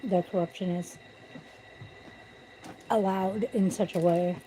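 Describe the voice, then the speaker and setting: A woman's voice: mid-range voice, fairly even intonation, takes it slowly, warm tone, slight background noise, poor audio. Blunt, profane woman ranting at home. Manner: blunt, profane, venting about corruption. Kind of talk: casual livestream rant. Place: at home with pets.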